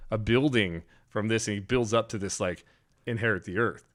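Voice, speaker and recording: A man's voice: lowish voice, normal speed. A man in his forties, a pastor co-hosting a podcast, chatting casually and telling stories with lots of laughs and restarts. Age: 40s. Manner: animated storyteller, laughs often, restarts mid-sentence. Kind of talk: casual chat.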